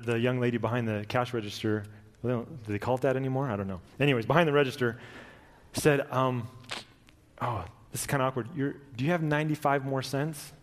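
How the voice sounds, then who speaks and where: A man preaching a sermon, telling stories with sudden emphatic rises and quiet, reflective drops. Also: medium pitch. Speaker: pastor. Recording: long hall reverb.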